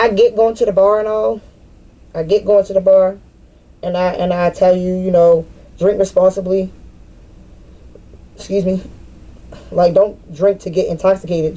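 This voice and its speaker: On her spiritual vlog, a woman in her thirties lets loose in an unscripted monologue to camera, blunt and profane, repeating herself to stress her points. Her voice is mid-range and warm.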